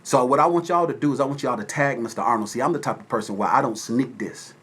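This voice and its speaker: A man from Atlanta, Georgia, hosting a casual livestream from his phone at home and shouting out viewers by name. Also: medium pitch, fast talker, breathy edge. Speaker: livestream host. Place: at home with windows open.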